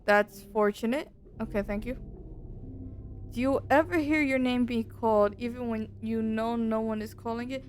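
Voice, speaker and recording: A woman streaming a game and chatting casually, telling stories in an animated, slangy way from a dark room at home into a desk mic. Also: fairly high pitch, normal speed, a little hiss or hum. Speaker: VTuber streamer.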